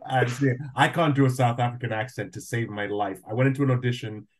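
A man's voice: mid-range voice, fairly even intonation, quick pace. Man hosting a casual chat. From Nigeria. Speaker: podcast host.

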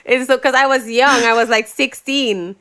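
A young woman, a singer being interviewed, telling stories in a lively way and acting out what people said. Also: high-pitched, normal speed, clean tone. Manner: animated storyteller, acts out quotes, laughs often. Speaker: guest, singer. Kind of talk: casual interview chat.

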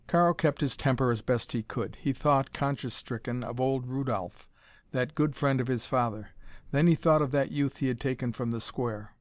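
A man's voice: mid-range voice, moderate pace, dry recording. A man narrating a dramatic pulp adventure story, reading it aloud in a dry recording.

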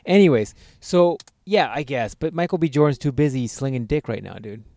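A man's voice: mid-range voice, animated, brisk, dark tone, dry recording. A man in casual, profane banter, joking crudely and mocking others in put-on voices.

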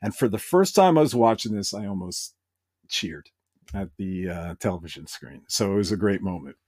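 A man's voice: low voice, animated, normal speed, darkish tone, dry recording, clean studio sound. A man hosting a podcast, recapping an episode with enthusiasm and quoting characters now and then. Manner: enthusiastic, retells scenes with brief quoted voices. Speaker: podcast host.

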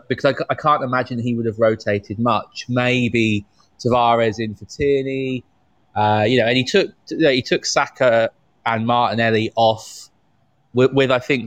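A man talking things through in a casual chat, halting and restarting as he reasons aloud. His voice sits at a middle pitch. The recording is dry and close, with no room sound. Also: dry recording. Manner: thoughtful, halting, many restarts. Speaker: podcast co-host.

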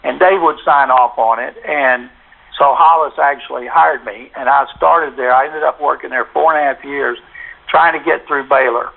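An older man, a sportswriter guest in an interview, telling stories in a folksy, animated way with lots of quoted dialogue. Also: medium pitch, moderate pace, creaky. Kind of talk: anecdotal storytelling. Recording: tinny phone line.

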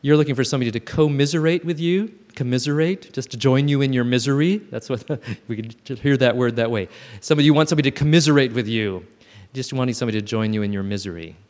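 A man's voice: mid-range voice, fast, few pauses, darkish tone. A man in his fifties giving a thoughtful, self-reflective personal talk at a gathering, often restarting his sentences. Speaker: speaker at a gathering. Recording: long hall reverb.

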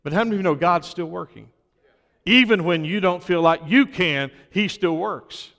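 A man's voice: high voice, moderate pace, gravelly, fairly bright tone, big-room sound. A man preaching a sermon in an earnest way, building to emphatic peaks, recovering from illness. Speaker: pastor.

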